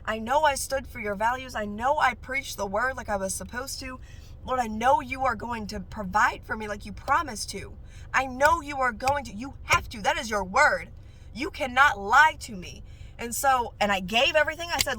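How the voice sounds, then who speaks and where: A woman who works as a nail technician, sharing her faith testimony in a casual, animated way that jumps up high whenever she gets excited. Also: normal speed.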